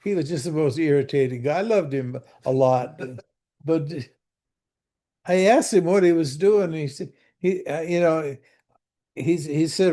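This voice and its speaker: A man's voice: on the high side, moderate pace, dark tone. An older man teaching scripture over a video call in a folksy, conversational way, often asking his listeners questions and repeating words as he goes. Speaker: spiritual teacher.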